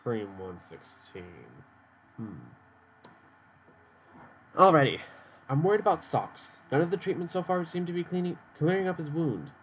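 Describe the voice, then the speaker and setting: Male streamer, playful game reader, lively swoops, stuffy nose. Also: a little high, moderate pace, slight background noise, rough recording. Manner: playful, reads lines aloud with swooping put-on voices. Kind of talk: casual game commentary and reading aloud.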